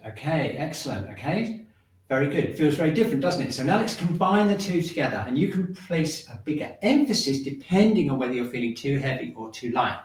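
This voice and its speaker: Man guiding breathing exercises, roomy. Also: mid-range voice. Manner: calm, repetitive cueing with frequent "okay?" check-ins. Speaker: shiatsu and qigong instructor. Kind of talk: guided breathing exercise class. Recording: roomy sound, mic at a distance.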